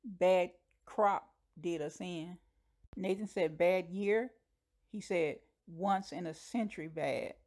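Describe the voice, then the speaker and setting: A woman's voice: lowish voice, takes it slowly, a little mellow. A woman casually retelling a TV episode scene by scene, briefly voicing the characters' lines. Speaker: show recapper.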